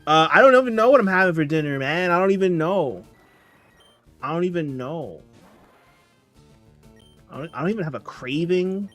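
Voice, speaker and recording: A man's voice: on the high side, animated, moderate pace, long pauses, fairly bright tone, no echo. A tired young man chatting casually on a livestream, reading chat and rambling along. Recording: music playing faintly behind. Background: faint background music.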